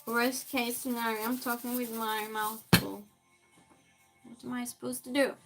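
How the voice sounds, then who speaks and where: A woman's voice: a little high, little pitch movement, normal speed, creaky, music in the background, rough recording. A woman chatting casually with her live-stream viewers and answering their messages as she moves things around her small space. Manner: chatty, reads and answers chat while moving things around.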